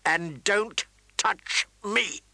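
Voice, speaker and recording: A man's voice: extremely slow, vocal fry, bright, forceful tone, no echo, heavily acted. A man doing a whiny, cruel boy prince. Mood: contemptuous. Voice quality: high whining voice.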